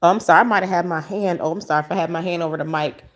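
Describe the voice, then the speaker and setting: A woman from Michigan hosting a casual livestream from home, talking to viewers on a phone she holds as she walks around, emotional and expressive with a preachy streak. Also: fairly low pitch, rapid-fire. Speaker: livestream host. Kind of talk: casual livestream commentary to a chat. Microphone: phone held in hand.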